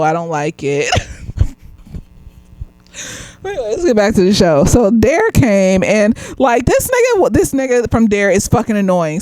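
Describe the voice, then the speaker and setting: Woman, slightly tipsy, therapist reviewing a show, blunt and profane, loud bursts and low mutters, mid pitch, dry recording. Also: no echo, low-quality recording. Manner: profane and blunt, laughing often, swinging between loud outbursts and quiet muttering. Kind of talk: casual commentary vlog.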